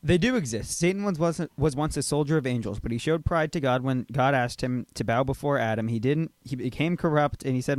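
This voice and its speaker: Young male panelist, smooth clear voice, playful, dry studio sound. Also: medium pitch, fairly quick, hardly any pauses, no room sound. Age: teens. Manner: playful, jokey interjections. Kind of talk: casual panel talk.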